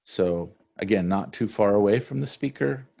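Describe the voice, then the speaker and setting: A man teaching a language lesson from slides, relaxed and conversational with many fillers. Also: fairly low pitch, moderate pace, vocal fry. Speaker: Spanish teacher. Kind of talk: recorded slide lecture. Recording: dull lo-fi recording.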